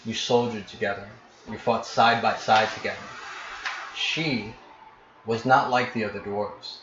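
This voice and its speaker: Man, tabletop game master, descriptive narration, halting restarts, roomy echo, muffled lo-fi sound. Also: lowish voice, fairly even intonation, background noise. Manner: vivid descriptive narration with frequent pauses and restarts. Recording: echoey, dull lo-fi room recording.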